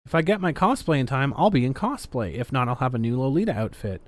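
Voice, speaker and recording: A man's voice: mid-range voice, sing-song, fast talker, no room sound. A man hosting a casual livestream, reading viewer messages aloud with sarcastic, swearing commentary. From Canada. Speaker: livestream host.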